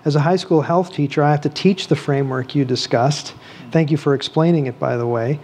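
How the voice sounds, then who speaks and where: A man's voice: a little high, fairly quick, darkish tone, slight background noise. A man moderating a church panel, reading out audience questions and inviting the panelists to respond.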